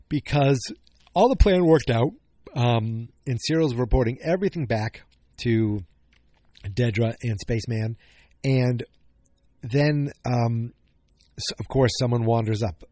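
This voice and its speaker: Recapping a podcast episode, a male host rambles casually, keeps correcting himself, and cracks jokes. His mid-range voice is warm and moves at a moderate pace. The recording is studio quality with no room sound.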